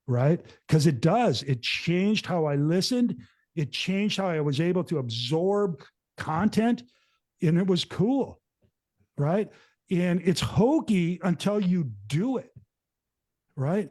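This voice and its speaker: Male host, middle-aged, a bit high-pitched, casual and animated, acts out quotes. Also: slow pace. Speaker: show host. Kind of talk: casual storytelling to co-hosts.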